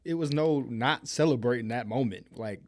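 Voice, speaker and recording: A man's voice: mid-range voice, animated, moderate pace, no echo, clean studio sound. A man hosting a reaction video, commenting casually with laughs and exclamations.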